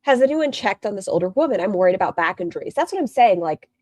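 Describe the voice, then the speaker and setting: A woman's voice: mid-range voice, sing-song, quick pace, a little mellow, no room sound. A woman hosting a live stream, reacting to a clip with blunt, sarcastic commentary and frequent swearing. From northern United States near the Canadian border. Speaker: livestream host reacting to clips.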